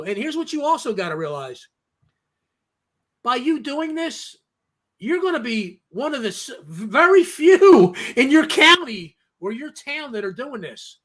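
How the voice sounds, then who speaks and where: A man's voice: very high-pitched, fairly bright tone. A man hosting a casual talk discussion, emphatic and insistent, often tagging his points with "okay?" and acting out the people he quotes. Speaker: host.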